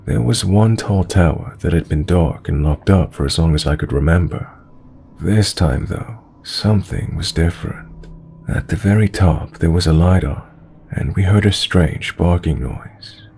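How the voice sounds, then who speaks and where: Man, very low voice, gravelly, dark tone, faint background hiss, horror story narration. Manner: calm, measured storytelling.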